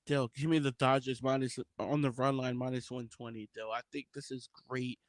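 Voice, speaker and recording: A man co-hosting a sports betting podcast, giving his picks in a relaxed, informal way with casual slang. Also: medium pitch, normal speed, dry recording. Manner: laid-back, informal Southern-style slang.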